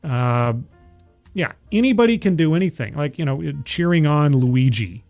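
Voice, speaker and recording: A man's voice: a little high, expressive, normal speed, a little mellow, soft background music. A man hosting a political commentary livestream, sardonic and rambling, full of fillers and restarts, who reads viewer chat aloud. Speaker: livestream host.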